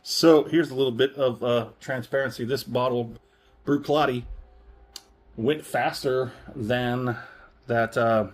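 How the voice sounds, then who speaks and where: A man's voice: mid-range voice, fairly even intonation, slow pace, pauses often, slight background noise. A man reviewing a whisky in a casual, rambling way, often correcting himself and chuckling. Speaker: spirits reviewer.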